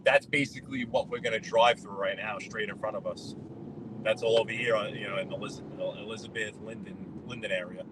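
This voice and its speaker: A man's voice: lowish voice, steady tone, a little fast. Chatty New man driving. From New York. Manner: chatty, greets viewers by name, rambling. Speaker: live-streaming driver. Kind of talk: casual live-stream chat while driving. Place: inside a car on the road. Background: road and traffic noise.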